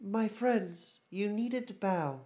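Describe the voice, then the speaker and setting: A man's voice: high-pitched, takes it slowly, mellow, lo-fi sound, pitched above the performer's own voice. A man voicing a grand female sorceress empress who speaks in a commanding, gracious way.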